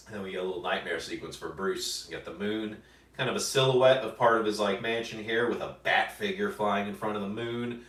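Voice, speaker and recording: A man's voice: lowish voice, brisk, fairly bright tone. A man casually commenting on his own comic pages, with rambling asides and frequent fillers. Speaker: comic artist discussing his own work. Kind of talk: casual commentary over artwork. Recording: roomy, from a distance.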